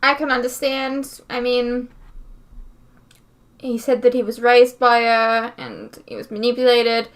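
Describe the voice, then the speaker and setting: A young woman who runs a reaction channel delivers a frustrated, casual rant, cursing a lot and leaning on "like" as a filler. She speaks at a measured pace in a slightly high voice.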